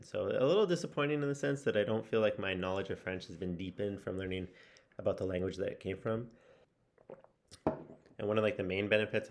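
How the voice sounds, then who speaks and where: Low gravelly man vlogging casually. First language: English. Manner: rambling, with many fillers and restarts; musing and self-reflective. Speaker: language-learning vlogger. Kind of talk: casual spoken progress update.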